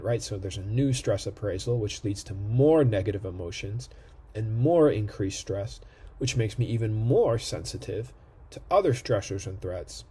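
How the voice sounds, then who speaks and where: A man's voice: on the low side, moderate pace, warm tone, husky. A man giving a recorded lecture, explaining step by step and checking in with "right?" often. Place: indoor room near a street.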